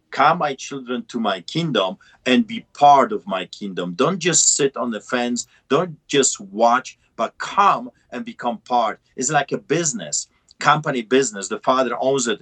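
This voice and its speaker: A man's voice: medium pitch, a bit bright, breathy edge. Middle aged pastor guy, heavy accent, broken english, preaching hard over a call, repeats stuff. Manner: fervent, repetitive preaching cadence.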